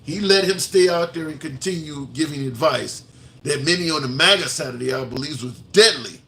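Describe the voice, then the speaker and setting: A man's voice: a little high, fairly quick, creaky, sharp tone. A man giving argumentative political commentary on a livestream, firing off rhetorical questions and repeating himself as he reads the comments.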